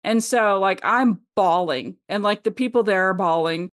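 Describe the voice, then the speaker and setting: A woman's voice: mid-range voice, moderate pace. Middle-aged woman, casual podcast co-host, rambling and chatty, mid-range voice. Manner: chatty, rambling, laughs often, many fillers. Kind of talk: casual chat.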